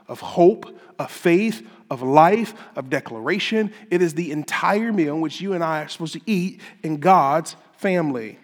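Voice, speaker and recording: Emphatic preaching man in a reverberant hall. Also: on the high side. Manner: emphatic preaching, rising to loud climaxes. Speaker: pastor. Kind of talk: sermon. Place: church sanctuary.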